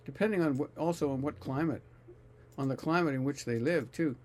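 A man's voice: a little high, brisk, darkish tone. A man reading scripture aloud and musing on it casually, often searching for words. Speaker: scripture reader and commentator.

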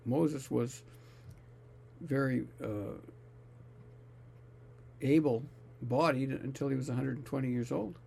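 A man's voice: medium pitch, takes it slowly, creaky, pauses often, dark tone, a little hiss or hum. A man reading scripture aloud and musing on it casually, often searching for words. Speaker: scripture reader and commentator.

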